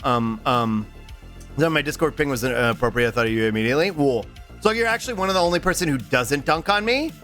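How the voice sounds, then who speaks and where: A young man streaming, chatting casually to his viewers, rambling and swearing as he slips into quick voice impressions. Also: fairly high pitch. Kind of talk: casual livestream chat.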